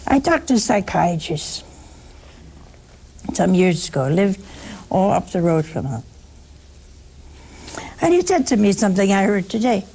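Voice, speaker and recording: Older woman preacher, gravelly and folksy, faint hiss behind her. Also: medium pitch, big pitch swings, unhurried, pauses often, warm tone. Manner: folksy storytelling, acts out voices. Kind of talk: sermon.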